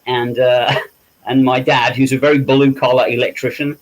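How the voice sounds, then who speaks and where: A man's voice: medium pitch, little pitch movement, moderate pace, rough recording. Chatty man telling stories. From England. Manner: storytelling, acts out quoted voices, self-deprecating laughs. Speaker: interview guest, makeup effects artist. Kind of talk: casual anecdotal interview.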